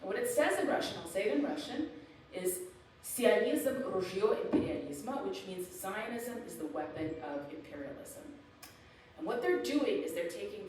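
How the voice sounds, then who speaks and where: Female guest lecturer, animated and emphatic, mid-pitched voice, distant mic in an echoey hall. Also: a little hiss or hum. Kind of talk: public lecture with slides. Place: event hall.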